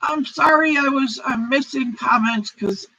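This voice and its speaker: A woman's voice: sits high, a little slow, sharp tone, a little hiss or hum. A woman hosting a casual crochet live stream, rambling apologetically and reading out chat comments. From United States. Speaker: crochet channel host. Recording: dull lo-fi stream audio.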